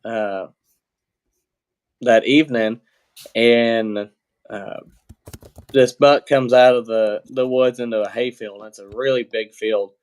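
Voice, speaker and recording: A man's voice: mid-range voice, takes it slowly, pauses often, smooth. A man talking as a podcast guest, telling a story in a loose, plainspoken way with lots of fillers and restarts and the odd swear word. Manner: relaxed, plainspoken, swears casually. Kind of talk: casual storytelling.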